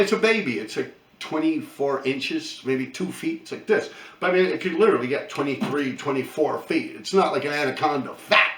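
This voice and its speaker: A man's voice: on the high side, vocal fry, fairly bright tone, echoey room, far from the mic. A man in his fifties from New York City with a New York accent, telling profane, rambling stories with lots of laughing. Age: 50s. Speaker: vlogger. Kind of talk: casual storytelling rant.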